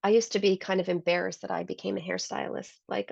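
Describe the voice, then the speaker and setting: A woman's voice: medium pitch, little pitch movement, quick pace, gravelly, few pauses, a little mellow, husky, no room sound. A woman who owns a salon, telling heartfelt stories as a guest in a conversational interview. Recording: dull, lo-fi dry sound.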